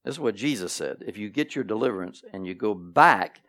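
A man preaching a sermon to his congregation, animated and repeating key phrases, with playful asides. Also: fairly low pitch, fairly quick. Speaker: pastor. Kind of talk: sermon teaching. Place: church sanctuary.

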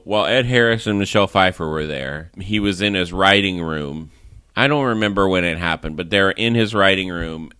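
A man's voice: low-pitched, sharp tone, smooth, dry recording. A man hosting a casual movie review podcast, recapping the plot in a rambling way with lots of "like" and laughs. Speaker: podcast host.

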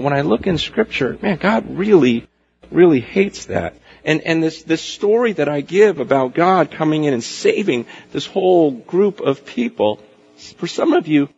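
A man preaching a sermon as pastor, animated, acting out the voices of people and God in quotes. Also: high voice, slightly rough. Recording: dull lo-fi recording.

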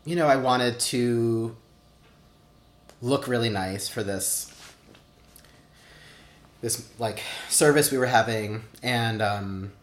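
A man's voice: medium pitch, slow, long pauses. A man in his thirties, interviewed for an oral history, telling personal stories casually with lots of "like" fillers and acted-out quotes. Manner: chatty, many "like" fillers, acts out quotes. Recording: roomy echo.

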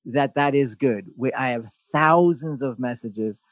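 A man's voice: medium pitch, a little slow, no room sound. A man hosting a podcast in casual chat, telling stories bluntly with lots of swearing and sarcastic, mocking asides. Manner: blunt, profane, animated storytelling. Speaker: podcast host.

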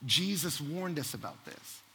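Bright, high-voiced preacher in a reverberant hall. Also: male voice, a little slow, creaky. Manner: animated storytelling, swinging from loud to hushed. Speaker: pastor. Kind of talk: sermon with personal story.

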